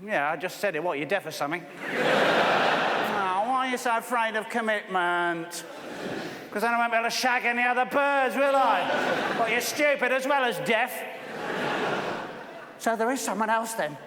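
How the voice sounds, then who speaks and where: A man's voice: sits high, very noisy, natural voice. A man playing a crude, drunken boor. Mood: boorish. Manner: crude, deadpan, drawn-out delivery. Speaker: stage comedian. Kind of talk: live stage comedy. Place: large theatre stage. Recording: echoey theatre hall, loud crowd. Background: loud live audience.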